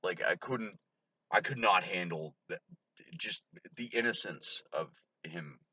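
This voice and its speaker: A man's voice: low-pitched, unhurried, sharp tone, breathy edge, no echo. A drunk man rambling through stories to camera, swearing and laughing often. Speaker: vlogger. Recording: dull lo-fi recording.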